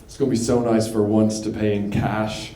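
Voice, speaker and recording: Dry, low-voiced stand-up man. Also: flat delivery, moderate pace, mellow. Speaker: stand-up comedian. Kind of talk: stand-up routine. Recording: echoey room with noise.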